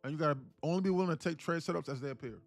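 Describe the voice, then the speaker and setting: A man's voice: on the high side, rapid-fire, no echo, soft background music. A man with a New York accent hosting a day-trading livestream, talking casually in loose, profane street slang and repeating phrases in chant-like runs. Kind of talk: casual live-stream commentary.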